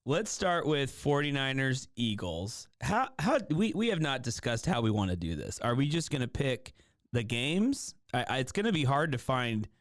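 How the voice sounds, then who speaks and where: A man co-hosting a casual sports betting podcast, telling stories animatedly and jumping up in pitch when excited. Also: moderate pace, dry recording, clean studio sound. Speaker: podcast co-host.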